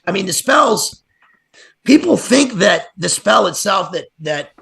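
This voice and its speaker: A man's voice: high voice, big pitch swings, unhurried, vocal fry, fairly bright tone. A man talking as a guest on a livestream, analyzing literature in a rambling way, full of fillers and restarts. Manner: digressive, many fillers and restarts. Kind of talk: casual livestream discussion.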